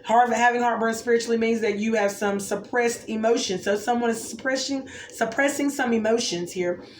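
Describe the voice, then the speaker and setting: Speaking at a moderate pace in a slightly high voice, a woman reads oracle cards intuitively for her viewers. Her manner is musing and exclamatory, with frequent check-ins of "okay?" against a roomy echo and faint background noise.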